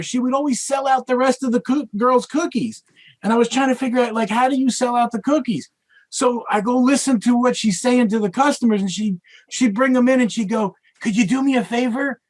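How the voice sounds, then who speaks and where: Dude doing deadpan stand-up jokes over a zoom call, highish voice. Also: male voice, brisk. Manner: dry one-liner delivery. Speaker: stand-up comedian. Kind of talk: stand-up set.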